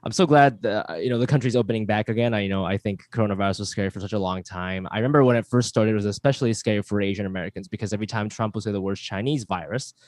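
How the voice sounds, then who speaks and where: A man's voice: lowish voice, rapid-fire, few pauses, a little mellow, no room sound. Male comic, 30s, from New York; self-deprecating, filler-heavy delivery. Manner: chatty, rambling, self-deprecating with filler words. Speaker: stand-up comedian. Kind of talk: stand-up comedy set. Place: home, online show.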